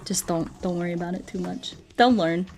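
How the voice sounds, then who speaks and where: A woman's voice: fairly low pitch, a little fast, a little mellow. A woman streamer and ASMR artist chatting casually with her viewers, playful and self-joking, with faint game music behind her. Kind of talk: casual livestream chat with viewers.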